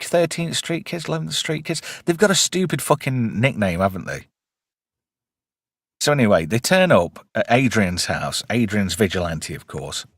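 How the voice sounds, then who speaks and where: A man hosting a casual podcast chat, animated and swearing freely as he recaps episodes. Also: fairly low pitch, no echo, clean studio sound. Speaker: podcast host.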